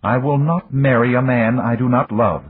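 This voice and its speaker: A proud, stubborn young woman speaks in a raised, very husky voice, put on by a male audiobook narrator. The lines come through dry and tinny, like a phone line. It is a storybook reading. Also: medium pitch, moderate pace, dry recording, voice pushed up, lightly acted. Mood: defiant. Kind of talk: audiobook character voice.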